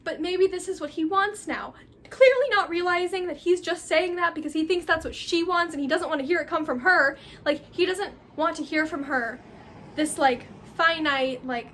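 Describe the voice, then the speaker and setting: Bright, gushing young woman book vlogger. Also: very high-pitched, moderate pace, a little hiss or hum. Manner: gushing, animated, full of "like". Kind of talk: casual book review chat.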